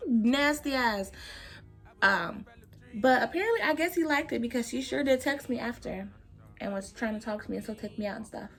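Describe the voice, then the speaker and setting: A woman's voice: on the high side, faint music behind. A young woman vlogger chatting casually while doing her makeup, telling a story with lots of laughter and cursing. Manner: animated, laughing, profane, drawn-out storytelling. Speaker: beauty vlogger.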